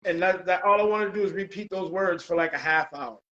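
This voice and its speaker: Male host, casual, slightly high, dull lo-fi sound. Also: brisk, pushed and bright. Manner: laid-back, says "bro" and "man" a lot. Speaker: podcast host. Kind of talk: casual chat.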